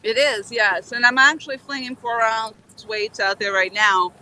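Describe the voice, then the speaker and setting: A woman's voice: on the high side, moderate pace, pushed and bright, a little hiss or hum, low-quality recording. A woman hosting a live fishing stream outdoors by a river, chatting in a rambling, easygoing way. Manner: rambling, easygoing, laughs often. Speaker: livestream host fishing. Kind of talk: casual live-stream chat. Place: outdoors at a river boat dock.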